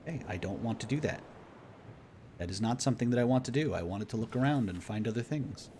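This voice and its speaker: A gamer talking casually as he plays, mid-pitched and lively in his rise and fall. He sounds chatty and a bit exasperated, with a faint hum behind him. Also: brisk. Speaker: gamer reading a story game. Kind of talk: casual gaming commentary.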